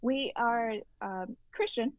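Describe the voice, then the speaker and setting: A woman's voice: fairly high pitch, slow, no echo. A woman from Arizona, a guest actress, chatting casually, giggly and hesitant, often stammering. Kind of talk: casual interview chat. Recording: muffled phone line.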